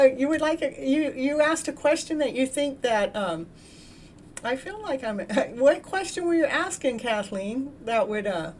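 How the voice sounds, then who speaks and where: A woman with a high, fairly bright voice hosts a live tarot reading show. She addresses viewers in the chat by name, laughs a lot, and stumbles over and repeats her words.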